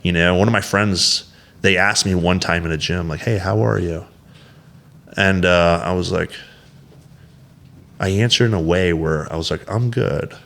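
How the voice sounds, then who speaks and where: A competitive bodybuilder with a low, fairly bright voice speaks at a moderate pace with fairly even intonation. He's a guest in a candid, rambling interview, telling stories bluntly and with heavy profanity, acting out quoted dialogue and leaning on "you know" and "like."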